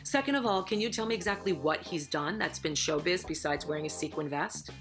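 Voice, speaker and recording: A woman's voice: on the low side, a little fast, over music. A woman who used to be a housemate, giving sassy, emphatic, gossipy opinions about the people in the house. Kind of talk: recorded opinion piece to camera.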